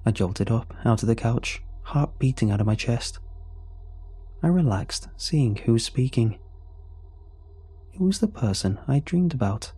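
A man narrating a first-person horror story in a measured, tense way. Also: medium pitch, expressive, mellow, husky. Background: faint music.

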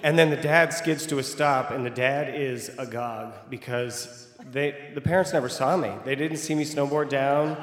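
A young man telling a personal story live on stage, animated and vivid, building to excited outbursts. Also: medium pitch, normal speed, slight background noise. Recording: echoey hall with long reverb.

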